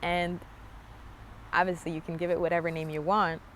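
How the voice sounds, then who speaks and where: Young woman thinking out loud in a park, lowish voice, faint outdoor sounds behind. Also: level tone, normal speed, a little hiss or hum. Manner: musing, earnest, lots of "like" fillers. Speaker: spiritual vlogger. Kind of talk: casual reflective monologue.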